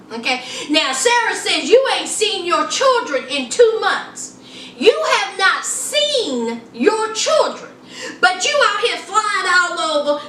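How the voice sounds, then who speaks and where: High, sassy woman with echoey sound. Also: recorded from a distance, a little hiss or hum. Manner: sassy, drawling, animated retelling. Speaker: reality TV recap vlogger. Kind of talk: casual sassy TV recap.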